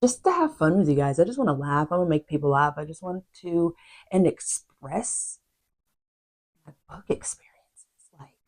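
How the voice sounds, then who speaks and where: Low mellow-voiced young woman. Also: lively intonation, fast. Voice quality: chatty, drifting to quiet asides. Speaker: book vlogger. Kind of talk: casual chat to camera.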